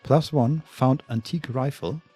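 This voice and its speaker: A man's voice: medium pitch, moderate pace, mellow, husky, faint music behind. A man co-hosting a let's play, talking casually and methodically reading out the game's checks and bonuses. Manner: methodical, reads out game stats. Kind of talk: casual gaming chat.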